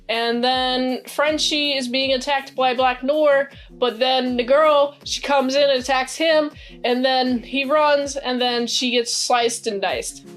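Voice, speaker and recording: A woman casually recapping and reviewing a TV episode in a rambling, excitable way, full of fillers. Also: sits high, takes it slowly. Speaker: TV show reviewer. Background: faint background music.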